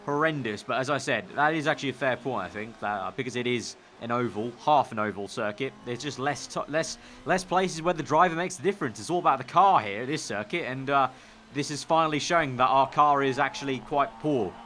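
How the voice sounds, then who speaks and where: A young man with a Northern English accent talks through a game at an ordinary mid pitch. His chatty commentary sounds like thinking out loud and breaks into excitable bursts. He is recorded on a desk mic. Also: brisk, a little hiss or hum. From Northern England. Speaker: gaming YouTuber.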